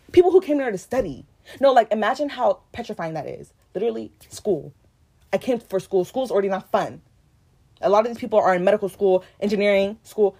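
A woman's voice: medium pitch, lively intonation, fairly quick, dark tone, husky. Heated, indignant young woman co-host. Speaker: podcast co-host. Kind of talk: casual chat.

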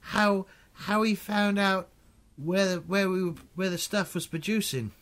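A man voicing a gruff male gang thug who reports to his boss, with a southern-tinged drawl and stumbling speech. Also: high-pitched, unhurried, fairly bright tone. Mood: worried. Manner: hesitant, stumbling mid-sentence.

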